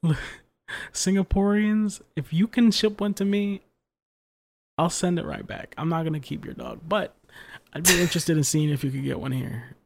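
A podcast co-host telling funny stories in an animated, exasperated way. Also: mid-range voice, normal speed, vocal fry, slight background noise. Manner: animated storytelling, exasperated humor. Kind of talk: casual chat.

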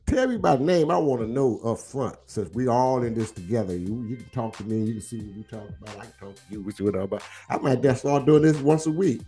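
A man's voice: medium pitch, fast, hardly any pauses, breathy edge, soft background music. A man hosting a casual livestream, teasing and drawling as he talks football smack with viewers. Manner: animated, teasing, drawling, repeats himself. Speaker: livestream host.

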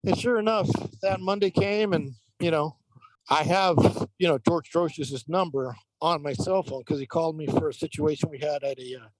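A man who works as a professional baseball umpire, telling lively stories in a casual interview with many fillers. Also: a little high, moderate pace, dry recording, low-quality recording. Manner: animated anecdotal telling, frequent fillers.

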